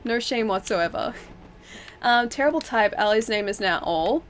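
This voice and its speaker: Woman game streamer, fairly high voice, giggly, chatty, rambling, casual live-stream talk from home. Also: animated, normal speed, fairly bright tone. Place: home, wrapped in a blanket.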